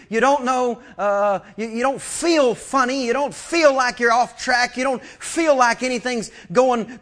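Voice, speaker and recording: A man preaching a sermon as pastor, lively and full of stammered restarts. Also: very high voice. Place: church sanctuary.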